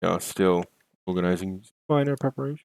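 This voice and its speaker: Low-voiced man hosting a game stream. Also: expressive, fairly quick, vocal fry, darkish tone, clean tone, no echo. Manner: chatty, self-correcting, laughs easily. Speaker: stream host. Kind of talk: casual game stream commentary.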